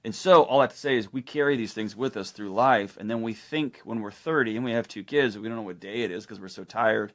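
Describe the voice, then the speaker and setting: A middle-aged man explaining ideas as a podcast guest, telling stories in a lively way and acting out the people he quotes. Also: lowish voice, quick pace, hardly any pauses. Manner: animated storytelling, acts out quoted people. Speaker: guest expert. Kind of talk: conversational explanation.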